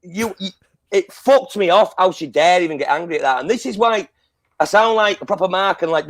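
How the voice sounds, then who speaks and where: A man, talking in a slightly higher register than most men. He rants in a heated way and swears constantly through a casual review chat. The sound is dry and close, with almost no room echo. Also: lively intonation, fairly quick. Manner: heated ranting, heavy swearing. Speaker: podcast co-host.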